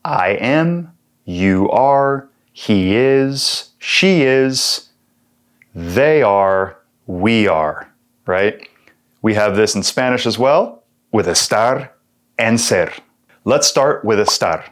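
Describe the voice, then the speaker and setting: Slow, lively Texan Spanish teacher. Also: male voice, on the low side. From Texas. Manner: slow and clear, repeating examples with translations. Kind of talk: language lesson.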